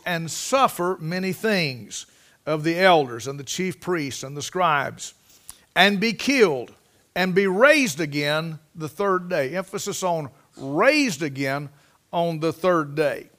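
A male preacher with a high voice, working through a sermon. He mixes folksy stories with scripture read aloud, leaning hard on the phrases he wants his listeners to notice. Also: pushed and bright. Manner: folksy storytelling, reading scripture aloud with emphasis.

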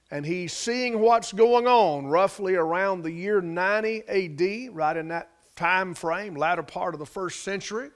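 A pastor delivers his sermon in an unhurried, deliberate way, letting each phrase land before moving on. His voice sits a bit high for a man. He leans on repetition and swells in emphasis, with the odd folksy turn of grammar. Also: a bit bright.

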